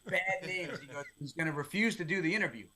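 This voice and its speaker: A man's voice: a little high, crowd noise. A middle-aged man, a sports play-by-play announcer, telling stories as a guest in casual podcast chat. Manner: lively storyteller, quick asides.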